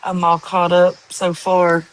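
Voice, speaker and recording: A woman's voice: fairly low pitch, completely flat delivery, a little hiss or hum, low-quality recording. A woman chatting casually and rambling to viewers on a live stream. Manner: slow, rambling, with many ums and likes.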